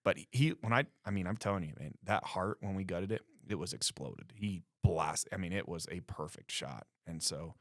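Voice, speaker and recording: A man from Colorado with a deep, low voice tells a story as a guest, casual and animated, acting out the quotes. The sound is dry and close, with little room echo. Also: moderate pace, few pauses.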